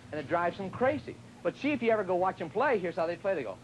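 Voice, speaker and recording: On this TV tennis lesson, the instructor's high voice swings widely in pitch at a quick pace. He's chatty and jokey, sometimes acting out his students' lines, heard through a low-quality recording with slight background noise.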